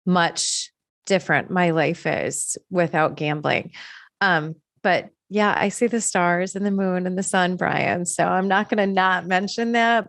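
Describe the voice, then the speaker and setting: Female co-host, low voice, earnest and reflective, dry close sound. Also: no room sound. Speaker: podcast co-host in recovery. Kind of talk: reflective personal sharing.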